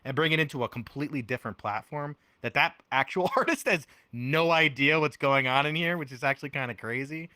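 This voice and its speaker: A man's voice: a little high, a little fast, hardly any pauses, pushed and bright, no room sound. A man chatting as a podcast guest, rambling with lots of fillers and frequent laughter. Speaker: podcast guest, VR music performer. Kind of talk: casual chat.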